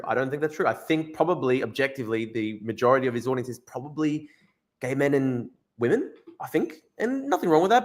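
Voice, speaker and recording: A man's voice: mid-range voice, a bit bright. A young man hosting a casual livestream, reading chat and article lines, blunt and profane, often repeating himself. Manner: blunt, swearing, quick asides; repeats phrases, restarts. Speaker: livestream host.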